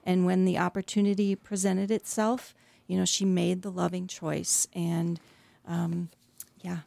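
A woman's voice: fairly low pitch, little pitch movement, a little slow, creaky, no echo. A middle-aged woman, an author, talking earnestly as a guest in a radio interview with frequent hesitations. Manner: warm, earnest storytelling with hesitations.

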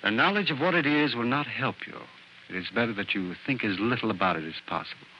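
A man playing a calm, evasive family doctor in an old radio drama, speaking in measured tones. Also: medium pitch, natural voice. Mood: grave. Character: grave, guarded male family doctor. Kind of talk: 1940s radio acting. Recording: old muffled radio broadcast, faint hiss.

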